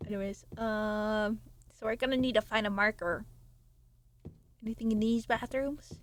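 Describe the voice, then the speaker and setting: A woman's voice: medium pitch, steady tone, normal speed. A young woman streaming a game, chatting and giggling with her viewers as she plays. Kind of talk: casual live game-stream chat.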